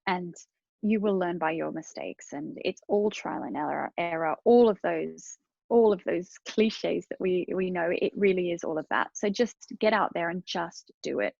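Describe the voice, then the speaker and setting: Woman guest on a podcast, bit of vocal fry, dull dry lo-fi sound, earnest. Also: lowish voice, normal speed, a little mellow, no room sound. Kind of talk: casual interview.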